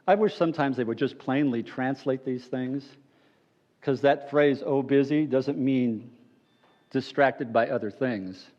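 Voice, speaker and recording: A man preaching a sermon as pastor, retelling a story with playful, animated emphasis and then dropping into low, earnest appeals. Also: muffled recording.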